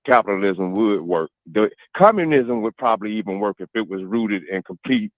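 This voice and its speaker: Earnest low-voiced man on radio. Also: animated, moderate pace, no room sound, phone-quality sound. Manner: earnest, thinking aloud. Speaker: radio panelist. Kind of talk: reflective opinion on a radio panel.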